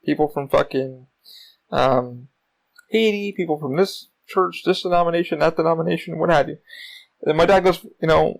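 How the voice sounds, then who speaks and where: A man's voice: fairly high pitch, normal speed, creaky, poor audio. A man hosting his own podcast, talking in a rambling, casual monologue full of swearing and fillers. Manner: rambling, heavy profanity, frequent fillers. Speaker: podcast host.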